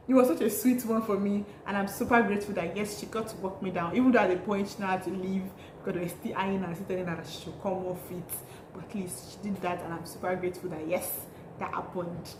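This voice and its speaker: Bubbly Nigerian woman in a roomy space. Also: mid-range voice. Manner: bubbly, laughing, animated storytelling. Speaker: vlogger. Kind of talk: casual chatty vlog. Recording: roomy echo, faint noise.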